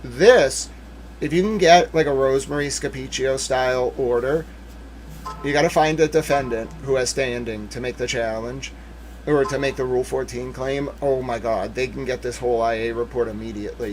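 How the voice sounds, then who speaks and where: A man giving casual, rambling legal commentary on a stream, animated, with jokey asides and mock voices. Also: medium pitch, a little hiss or hum.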